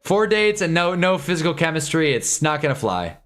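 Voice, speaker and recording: A young man in his twenties chats loosely on a live stream, rambling from one joke to the next and laughing often. His voice sits a bit high for a man and swings up and down a lot, with faint music playing behind him. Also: sing-song, brisk, a bit bright. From Southern California. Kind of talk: casual live-stream chat.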